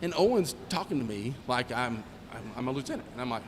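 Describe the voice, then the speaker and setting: A middle-aged former squadron commander gives a joking, anecdotal speech at a retirement ceremony in a hall, acting out the dialogue in his stories. His mid-range voice is very animated and fast. The recording has long hall reverb and faint ambient noise.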